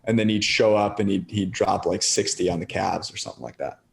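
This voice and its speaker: A man co-hosting a podcast in relaxed casual chat, asking his partner questions. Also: low voice, a little fast, vocal fry, a little hiss or hum. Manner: relaxed, conversational, asks questions. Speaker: podcast co-host.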